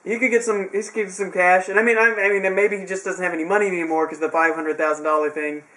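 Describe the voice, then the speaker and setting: A man's voice: high voice, fairly even intonation, fast talker, pushed and bright. A young man casually recapping a wrestling show, rambling with sarcastic asides.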